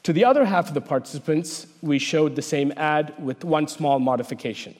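A man's voice: fairly high pitch, darkish tone. Man lecturing in a reverberant hall. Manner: measured, explanatory lecturing. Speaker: researcher giving a talk. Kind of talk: prepared public talk.

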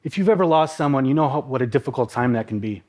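A man in his thirties from the upper Midwest, telling a personal story on stage in a vivid, dramatic way with pauses. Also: mid-range voice, lively intonation, a little mellow. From Minnesota, USA. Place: live talk on a stage.

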